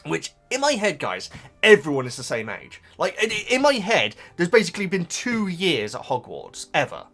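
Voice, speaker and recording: A man's voice: a little high, wildly swooping pitch, moderate pace, fairly bright tone, soft background music. A man rambling casually to his viewers about a book, with lots of restarts and asides. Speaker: vlogger reacting to a book.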